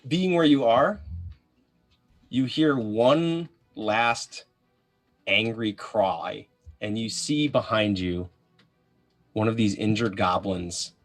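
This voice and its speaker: Man narrating as a casual game master. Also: fairly low pitch. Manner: casual, swears, voices characters. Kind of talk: narrating a live tabletop game.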